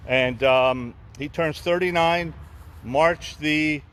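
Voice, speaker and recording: A man's voice: fairly high pitch, slow, fairly bright tone, clear, resonant tone. A man live-streaming from a phone outdoors, rambling casually with frequent restarts and asides. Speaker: vlogger and fan group host.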